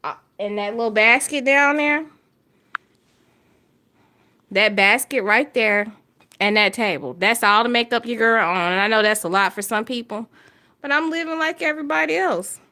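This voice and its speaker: Sitting at her makeup table at home, a vlogger with a Southern US accent from Alabama chats casually to camera. Her voice is fairly high and sharp, with a moderate pace and long pauses. She's candid and jokey, speaking straight to her viewers as "y'all."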